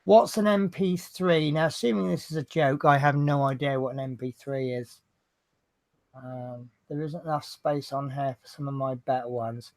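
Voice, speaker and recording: Gravelly jokey man hosting. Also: mid-range voice, fairly even intonation, normal speed, no room sound. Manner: jokey, rambling banter. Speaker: host. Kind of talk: casual chat, telling jokes.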